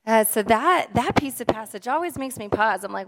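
A woman's voice: a little high, expressive, moderate pace. A woman preaching a sermon, retelling a Bible passage as a story. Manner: storytelling scripture reading. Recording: long hall reverb.

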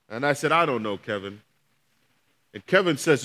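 A man's voice: mid-range voice, lively intonation, moderate pace, bright, forceful tone. A middle-aged man, a pastor, telling a personal testimony as a sermon, acting out the voices of the people in his story. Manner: storytelling, acts out quoted voices.

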